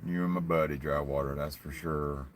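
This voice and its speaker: Deep-voiced cussing Southern man. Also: fairly even intonation, normal speed, a little hiss or hum. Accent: Southern US hillbilly. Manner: profane, blunt, rambling. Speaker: livestreaming vlogger. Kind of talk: casual live-stream chat.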